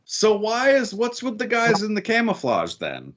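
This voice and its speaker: A man's voice: high-pitched, wildly swooping pitch, moderate pace, fairly bright tone. A man co-hosting a casual wrestling podcast, asking curious, quizzical questions. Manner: inquisitive, quizzical. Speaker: podcast co-host.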